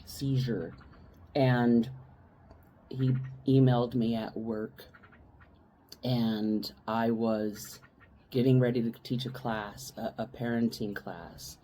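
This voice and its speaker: A woman's voice: extremely low pitch, warm tone, slight background noise. A woman co-hosting a podcast, telling a personal story in casual chat and rambling with restarts and asides. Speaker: podcast co-host.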